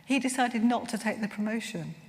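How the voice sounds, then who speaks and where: At a chaplains' conference, a woman with a brisk, fairly high voice leads a workshop, telling stories in an earnest, heartfelt, gently searching way. The large conference room gives the recording a long reverb.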